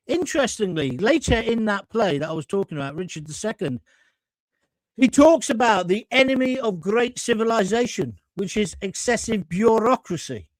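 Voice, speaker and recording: A man's voice: extremely high pitch, dry recording, rough recording. An indignant man from England hosts a live stream, his voice swinging widely up and down as he rants and reads out comments. The sound is dry and close, with no room around him. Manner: ranting, indignant, reads viewer comments aloud; swears, gets heated. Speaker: host of live call-in show. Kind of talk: opinionated live-stream monologue.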